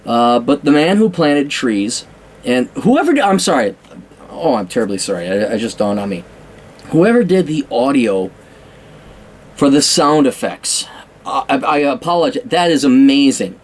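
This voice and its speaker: A man's voice: medium pitch, sing-song, normal speed, a little mellow. Rambling, profane man reviewing a film. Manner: rambling, profane, self-mocking, many restarts. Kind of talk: casual off-the-cuff film review.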